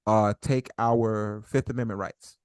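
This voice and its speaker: A man's voice: on the low side, steady tone, measured pace, darkish tone, clear, resonant tone, no echo. Man co-hosting, dry mic. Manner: mock-formal disclaimer, playful. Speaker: podcast co-host. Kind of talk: casual podcast chat.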